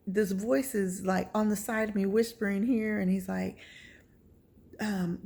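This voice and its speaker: Woman telling her own story on a vlog, gravelly voice, acts everything out, gasps a lot. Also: mid-range voice, expressive, normal speed, darkish tone. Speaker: vlogger. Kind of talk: personal testimony storytelling.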